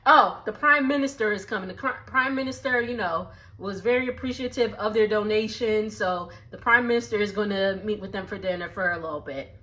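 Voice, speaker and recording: A woman giving a casual, gossipy recap of a reality TV episode, chatty and quick to laugh. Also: medium pitch, pushed and bright. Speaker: TV recap vlogger. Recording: dull lo-fi sound.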